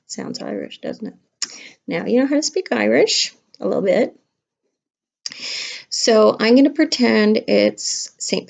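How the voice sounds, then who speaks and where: A middle-aged kindergarten teacher chatting playfully to young children during a craft lesson at home. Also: female voice, mid-range voice, creaky, darkish tone. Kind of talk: casual craft lesson to camera. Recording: dull lo-fi home video.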